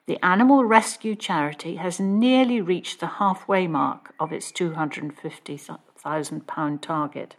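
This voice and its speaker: A woman reading local news stories in a measured, even delivery. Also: on the low side, vocal fry. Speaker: news reader. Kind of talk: read news bulletin.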